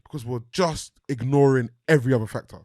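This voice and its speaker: A man co-hosting a casual football talk show, insistent and quick to talk over others. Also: medium pitch, a little mellow. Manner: insistent, talks over others, London slang. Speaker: podcast co-host.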